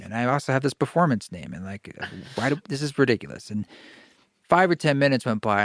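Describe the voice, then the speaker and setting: A man telling a personal story in casual conversation, animated, stammering and restarting often. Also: medium pitch, no room sound, studio quality. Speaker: podcast guest, kirtan musician.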